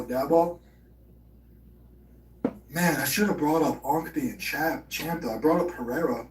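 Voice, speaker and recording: A man hosting a live stream, rambling in profane casual chat and slipping into mock impressions. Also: medium pitch. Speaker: livestream host. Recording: roomy, distant from the mic.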